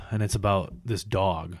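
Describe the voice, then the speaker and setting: A man's voice: deep voice, fairly even intonation, takes it slowly, no room sound, clean studio sound. A man in his thirties chatting casually, rambling and swearing a lot as he mocks himself. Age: 30s. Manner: rambling, profane, self-mocking. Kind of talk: casual chat.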